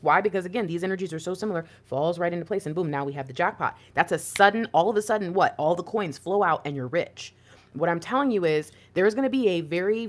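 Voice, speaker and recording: A woman talking to viewers as an intuitive card reader in a spiritual reading monologue, chatty and animated, asking lots of rhetorical questions. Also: fairly low pitch.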